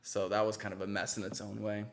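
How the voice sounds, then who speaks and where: A man hosting a casual live-stream chat and reading out viewer questions, chatty and quick to giggle. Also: lowish voice, level tone, gravelly, slight background noise. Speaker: host.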